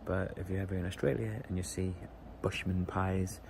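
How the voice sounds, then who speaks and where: Man, low voice, chatty travel vlog, handheld camera, heavy background noise. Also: normal speed, gravelly. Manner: chatty, relaxed, many fillers. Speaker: travel vlogger. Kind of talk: casual vlog narration.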